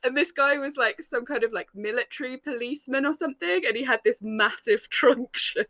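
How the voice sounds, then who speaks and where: Giggly woman telling a story, bright. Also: sits high, fairly quick, no room sound, studio quality. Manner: giggly, animated, many fillers, acts out quotes. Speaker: storyteller on a live panel show. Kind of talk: casual storytelling. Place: streamed group chat.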